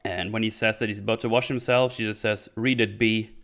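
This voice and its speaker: Man, low voice, casual host, rambling recap, lots of uhs and quoted lines. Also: fairly even intonation, a bit bright. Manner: rambling retelling with quick quoted lines and filler. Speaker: podcast host recapping a series. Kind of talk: casual chat.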